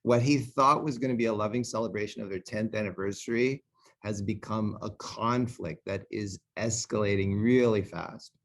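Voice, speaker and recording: Animated storytelling middle-aged man. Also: fairly low pitch, normal speed. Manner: animated, laughs often. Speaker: co-host and presenter. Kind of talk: storytelling talk.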